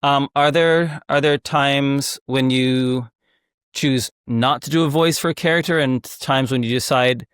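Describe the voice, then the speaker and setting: Brief: a male interviewer, mid-pitched, hesitant and thoughtful, dry close sound. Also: fairly even intonation, unhurried, a bit bright, smooth, no echo. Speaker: host. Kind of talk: casual interview.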